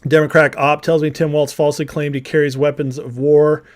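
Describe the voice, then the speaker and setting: A man's voice: on the high side, flat delivery, a little fast. A man hosting a live political commentary stream, blunt and combative, reading viewer chat and laughing along. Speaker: political livestream host.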